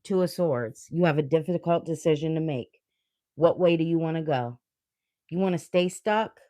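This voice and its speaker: During a livestream tarot reading, a woman urges the listener on bluntly and earnestly, swearing as she motivates them and showing real emotion. Her voice sits low with a dark tone, at a normal speed.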